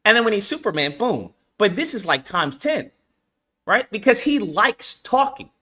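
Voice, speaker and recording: Animated, slangy young man. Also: sits high, moderate pace, breathy edge. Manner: animated, slangy, frequent swearing and fillers. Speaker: game developer and channel host. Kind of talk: casual livestream chat.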